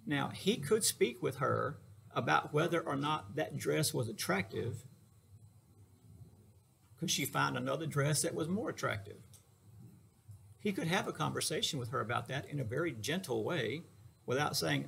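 A man's voice: fairly high pitch, expressive, normal speed, vocal fry, pauses often, a bit bright, a little hiss or hum. A middle-aged man, a therapist, giving a casual lecture in a folksy, joking way, speaking straight to his listeners.

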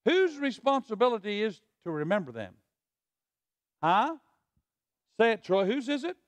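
Male pastor, high-pitched and lively, leads a call-and-response sermon, dry close sound. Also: a little slow, no echo. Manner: preacher who prompts the congregation to repeat lines; drops to a hushed voice on asides, rises on scripture. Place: church sanctuary.

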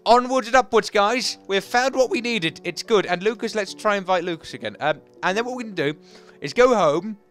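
A young man giving excitable, chatty, self-mocking commentary while playing a video game. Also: sits high, fairly quick, few pauses, faint music behind. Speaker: gaming channel host. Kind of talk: Let's Play commentary.

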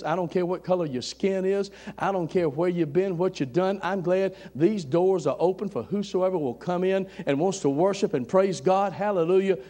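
A man preaches a fervent sermon in a church. His voice sits high for a man, and he calls out members of the congregation by name. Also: mellow. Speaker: pastor. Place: church sanctuary.

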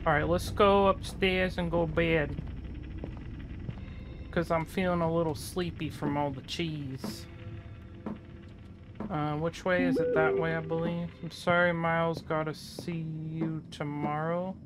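At medium pitch, a gaming channel host narrates a horror game playthrough, chattering nervously and letting out panicked yelps.

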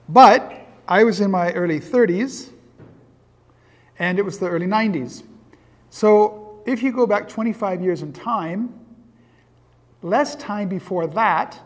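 A man in his fifties from Iowa gives a public lecture as a guest speaker. He tells digressive personal anecdotes and pokes fun at his younger self. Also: sits high. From Iowa, USA. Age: 50s. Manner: self-deprecating, digressive storyteller. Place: large hall in a synagogue. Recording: long hall reverb.

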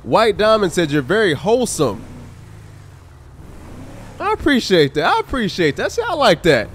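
A man's voice: sits high, huge pitch swings, moderate pace, slight background noise. A man livestreaming a police game, joking around and thanking viewers in the chat. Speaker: gaming livestreamer. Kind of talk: live game commentary and chat shout-outs.

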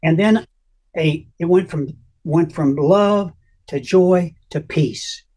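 An older man telling an emotional personal testimony as an interview guest, earnest and halting, often restarting his sentences. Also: on the high side, darkish tone.

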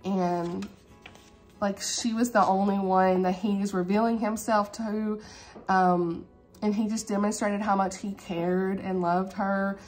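Lady book vlogger chatting to her camera at home, heartfelt and talky, soft music faintly under her. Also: medium pitch, steady tone, unhurried. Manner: warm, heartfelt, chatty with Southern "y'all" and "honey". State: tearful, emotional. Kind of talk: casual reading vlog, talking to camera.

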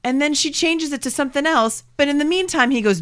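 A woman's voice: high-pitched, fast, hardly any pauses, fairly bright tone. A woman co-hosting a podcast, giving blunt, exasperated opinions on a film in casual chat. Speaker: podcast co-host. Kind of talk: casual movie review chat.

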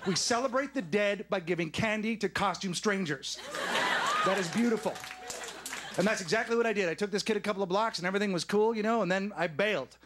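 A man in his late thirties delivers a stand-up set on a studio stage, punching each line with emphatic asides. His voice sits high for a man. The broadcast recording carries a clear hiss of noise. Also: fast talker, fairly bright tone, a faint crowd. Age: 30s. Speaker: stand-up comedian. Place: studio stage before a live audience.

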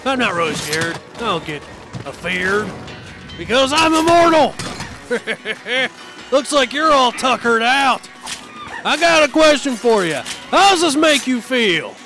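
A man's voice: very high voice, big pitch swings, unhurried, heavily acted. A man voicing a belligerent old-timer monster hunter in comedic gameplay commentary, folksy and grumbling. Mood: boastful. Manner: folksy grumbling, cries dadgummit. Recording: game music under voice. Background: video game music.

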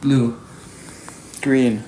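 A man's voice: medium pitch, steady tone, drawn-out words, mellow, a little hiss or hum. A man in his thirties with an Australian accent, chatting casually and teasing his viewers as he reads their messages on a late-night livestream. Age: 30s. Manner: playful, teasing, reads chat aloud.

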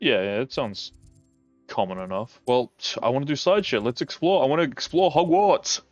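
A man's voice: mid-range voice, normal speed, darkish tone, no echo, highs cut off, faint music behind. A man co-hosting a casual game playthrough, joking and laughing often. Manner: jokey, laughs often, silly put-on voices. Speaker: gaming co-host. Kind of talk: casual let's play banter.

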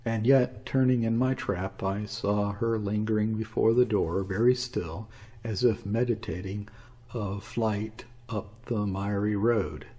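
A man reading a classic story aloud as an audiobook, in a measured, even storytelling manner. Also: lowish voice, slightly rough. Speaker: audiobook reader. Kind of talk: scripted narration of a classic story.

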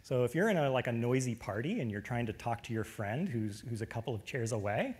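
A man giving a technical lecture, relaxed, with frequent fillers. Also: medium pitch, fairly quick, husky.

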